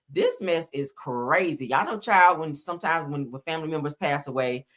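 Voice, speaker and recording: A woman commentating on celebrity gossip, reading out text messages haltingly with many fillers and casual slang asides. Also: very deep voice, bright, forceful tone.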